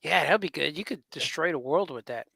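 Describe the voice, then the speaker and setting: A man, a cartoonist co-hosting a podcast, chatting casually and telling rambling, excitable stories, often laughing as he talks. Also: a little high, a little fast, vocal fry, no room sound. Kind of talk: casual chat, storytelling.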